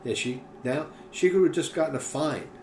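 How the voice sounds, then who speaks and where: A man's voice: a little high, normal speed, far from the mic. Swearing storyteller man in an echoey room. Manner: animated storyteller, swears freely. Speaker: podcast co-host. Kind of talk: casual chat. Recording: echoey room with faint noise.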